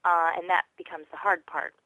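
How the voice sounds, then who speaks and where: A woman with a lowish voice, talking through her craft in a relaxed, rambling way. She thinks aloud with plenty of ums and likes. She is recorded close and dry, with no room sound. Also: fairly quick, no echo, low-quality recording. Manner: reflective, chatty, many fillers. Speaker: voice actress, interview guest. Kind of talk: casual interview chat.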